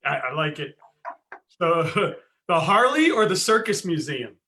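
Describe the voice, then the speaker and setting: Bright-voiced friendly podcast host. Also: male voice, on the high side, big pitch swings, a little slow, slight background noise. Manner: friendly, laughs often. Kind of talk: casual podcast interview.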